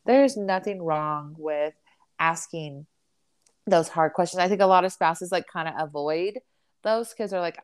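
A woman's voice: lowish voice, animated, moderate pace, darkish tone, no room sound. A young woman co-hosting a podcast, chatting casually with many fillers and restarts. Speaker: podcast co-host. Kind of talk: casual chat.

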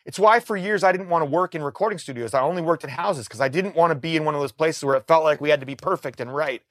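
A middle-aged musician appearing as a guest tells a story in an animated, casual manner, cursing freely and often restarting his sentences. His voice sits a little high and he talks fast. The sound is clean studio quality with no echo.

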